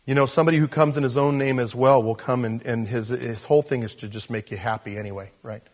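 A man preaching a sermon as pastor, swinging between loud emphasis and quiet asides. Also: mid-range voice, steady tone, quick pace.

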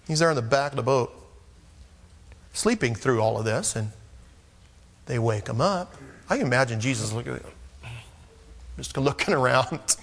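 A man's voice: medium pitch, lively intonation, normal speed, gravelly, pauses often, fairly bright tone. A man preaching a sermon in a conversational manner, acting out scripture scenes. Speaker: pastor. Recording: long echo of a large hall.

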